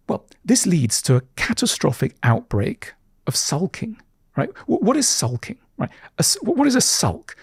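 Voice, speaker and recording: Animated man, a podcast guest, breathy voice with a very dry sound, stumbles and restarts as he explains. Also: moderate pace, no echo. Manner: animated, acts out little quoted scenes with leaps in pitch. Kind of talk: conversational explanation. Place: podcast studio.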